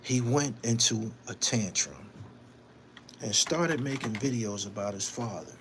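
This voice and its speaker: A man's voice: fairly low pitch, expressive, a little slow, a bit bright, a little hiss or hum. A man hosting his own show, delivering a heated, boastful, profane monologue and repeating himself for emphasis. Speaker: show host. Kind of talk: angry monologue to camera.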